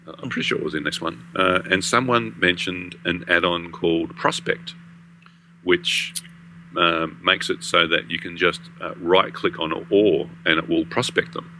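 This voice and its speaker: A man's voice: low voice, steady tone, moderate pace, sharp tone, a little hiss or hum, low-quality recording. A man co-hosting a gaming podcast, chatting casually and rambling with many fillers. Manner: rambling with many ums and restarts. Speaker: podcast co-host. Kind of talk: casual chat.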